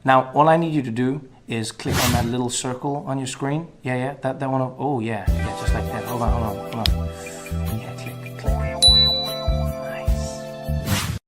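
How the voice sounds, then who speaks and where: A man with a mid-pitched voice gives a casual, coaxing channel outro. Loud guitar music plays behind him. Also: normal speed, pauses often.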